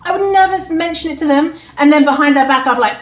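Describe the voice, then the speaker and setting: A woman's voice: high-pitched, steady tone, fast talker, hardly any pauses, a little hiss or hum. A woman hosting a podcast, talking candidly and laughing easily in casual chat. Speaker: podcast host. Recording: echoey room.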